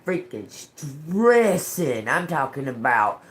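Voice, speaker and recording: A woman's voice: lowish voice, lively intonation, slow, fairly bright tone, a little hiss or hum. A woman chatting on a live stream from home into her phone, rambling, cursing and laughing as she tells a story. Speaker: tarot reader. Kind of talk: casual live-stream chat.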